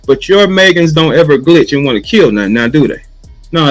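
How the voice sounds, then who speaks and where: A man from St. Louis, a battle rapper, in a heated rant full of swearing, taunting his target and mimicking a flat chant. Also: fairly high pitch, a little fast, soft background music, poor audio. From St. Louis, USA.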